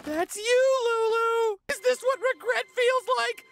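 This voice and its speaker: Brief: clingy, hyper-cheerful cartoon house-owl creature, male, extremely high and shrill, slow and drawn out, hooting all the time. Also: steady tone, creaky, exaggerated voice. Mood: manic excitement. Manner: constant exclamations, punctuated by hooting. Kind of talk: animated cartoon voice acting. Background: loud cartoon score.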